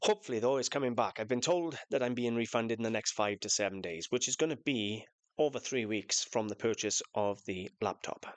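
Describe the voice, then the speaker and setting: A man with a lowish voice tells a long complaint straight to camera. He talks casually and emphatically, circling back over the same points. The sound is close and dry, with no room around it. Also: normal speed, no echo. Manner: aggrieved storytelling, repetitive and emphatic. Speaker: vlogger and antique dealer. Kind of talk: casual ranting vlog.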